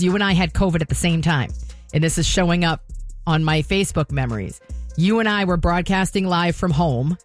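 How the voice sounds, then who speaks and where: A radio co-host in casual chat, bringing up old shared memories and reading out old posts. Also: medium pitch. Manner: reminiscing, reads out old posts.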